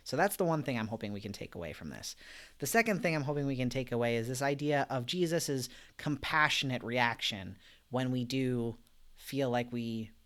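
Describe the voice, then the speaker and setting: A man leading a live-streamed Bible study in a casual, conversational way, gentle and reflective, with frequent fillers and soft laughs, and reading out viewer comments. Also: mid-range voice, expressive, moderate pace.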